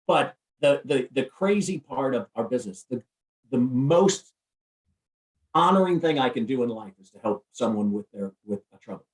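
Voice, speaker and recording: A man speaking as a podcast guest, giving an energetic, emphatic motivational talk with lots of repetition. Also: mid-range voice, moderate pace, far from the mic. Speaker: guest, recruiting firm CEO and speaker. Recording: roomy, off-mic sound.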